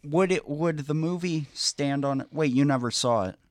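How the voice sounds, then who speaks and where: Deadpan man with a deep mellow voice. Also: moderate pace, no room sound. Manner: dry, deadpan. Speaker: podcast co-host. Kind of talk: casual podcast chat.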